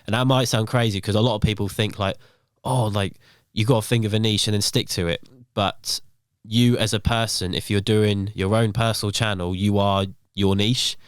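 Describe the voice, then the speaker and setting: Young man, low smooth voice, casual podcast chat, rambling with fillers, dry close sound. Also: fairly even intonation, normal speed, hardly any pauses, no room sound. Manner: rambling, filler-heavy storytelling. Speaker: podcast guest, YouTuber.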